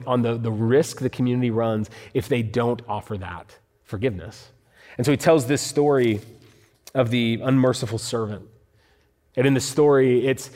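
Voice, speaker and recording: A man's voice: mid-range voice, darkish tone. Man preaching in an echoing hall. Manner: earnest, builds to emphatic readings of scripture. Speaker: pastor. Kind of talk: sermon. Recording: hall reverb.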